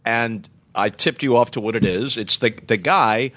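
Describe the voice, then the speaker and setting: A male sportscaster guest telling a casual, lively anecdote. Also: mid-range voice, moderate pace. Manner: lively storyteller.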